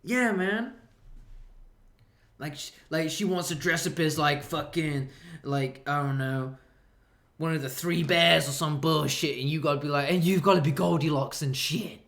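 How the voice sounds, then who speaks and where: A man's voice: on the high side, unhurried, creaky, a bit bright, echoey room. A man streaming, telling a crude comedic story in a profane, rambling way, laughing often.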